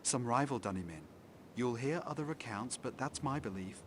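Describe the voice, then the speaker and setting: Man playing a superstitious local worker, folksy rustic speech, animated pitch, game voice acting. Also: normal speed, slight background noise, lightly acted. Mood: storytelling. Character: superstitious local man, a hotel worker telling ghost tales.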